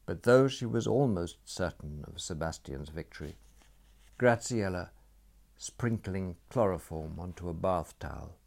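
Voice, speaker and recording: A male audiobook narrator with a very deep, gravelly voice. He reads in a measured, expressive way, with a dry wit in his delivery.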